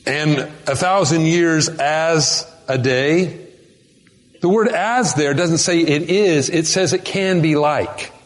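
A man preaching a sermon as pastor, emphatic, slowing down to stress key words. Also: fairly high pitch. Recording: long reverb of a large hall.

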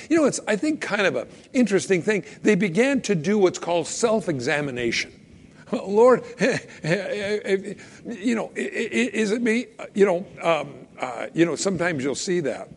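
Man, pastor, sermon, high voice, very animated, conversational, echoing hall. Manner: animated, conversational, acts out quotes. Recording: long hall reverb.

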